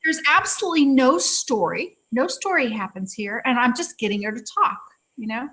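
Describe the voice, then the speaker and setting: A woman with a fairly high voice tells a story from her healing practice in relaxed conversation. She talks in a lively, halting way, full of fillers and restarts, and laughs often.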